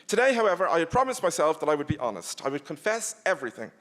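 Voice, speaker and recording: An author reads aloud from his own novel with expressive, animated storytelling. His voice is slightly high, with a lively, wide-ranging pitch. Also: quick pace. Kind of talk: live reading of a novel.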